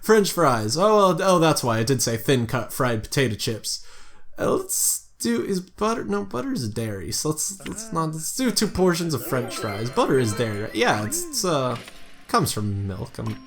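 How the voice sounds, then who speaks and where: A man's voice: on the high side, very animated, moderate pace, faint music behind. A tired man giving casual, rambling gameplay commentary late at night, thinking aloud with jokey asides. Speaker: let's play host.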